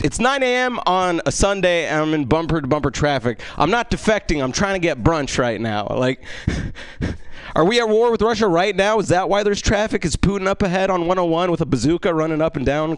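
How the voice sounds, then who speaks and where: A man's voice: on the high side, fairly quick, clean tone, no room sound. Self-deprecating man doing stand-up. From Egypt. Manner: self-deprecating, deadpan asides, many fillers. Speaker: stand-up comedian. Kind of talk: stand-up comedy set.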